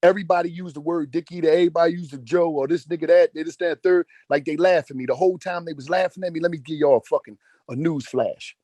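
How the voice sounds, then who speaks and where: On a group audio call, a man in his forties delivers a profane, emphatic motivational rant, repeating phrases for force. His slightly high voice is quick and dark in tone, captured through a phone with no echo.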